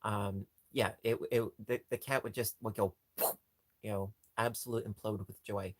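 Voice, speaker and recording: A man hosting a casual livestream chat, gushing and jumping into a squeaky high pitch over cute things, rambling with frequent restarts. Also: steady tone, moderate pace, no room sound. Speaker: livestream host.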